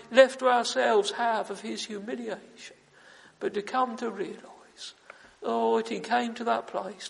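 Fervent high-voiced male preacher in a hall. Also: creaky, a bit bright. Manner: fervent, repetitive, with emphatic "oh" exclamations. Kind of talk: sermon. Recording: long reverb of a large hall.

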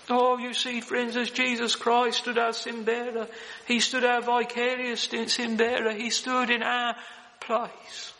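A male preacher delivers a solemn, earnest sermon in a very high, bright voice that carries a lot of tension. His tone stays flat and even, and his words ring out with a long reverb in a large church hall. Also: measured pace.

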